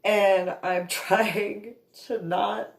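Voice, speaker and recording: A woman telling a painful family story to camera, in a halting, emotional way full of trailing restarts. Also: mid-range voice, steady tone, vocal fry. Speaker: vlogger recounting a family conflict. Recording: echoey room.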